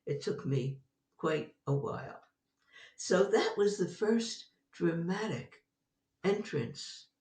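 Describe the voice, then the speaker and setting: A woman guest, older, telling a personal story in an animated way, laughing often as she talks. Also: fairly low pitch, far from the mic. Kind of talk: storytelling in an interview. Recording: roomy sound from off-mic.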